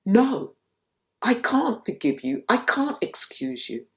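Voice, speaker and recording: A woman voicing a gentle, unshakably calm male spiritual teacher as she retells a teaching story. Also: medium pitch, takes it slowly, pitched above the performer's own voice. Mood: firm.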